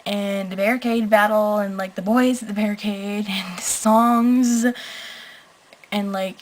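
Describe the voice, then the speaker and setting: A woman's voice: mid-range voice, fairly even intonation, measured pace, rough recording. A young woman talking into her camera at home at night, gushing and emotional, rambling with lots of "like"s. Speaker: vlogger. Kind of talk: late-night vlog rant.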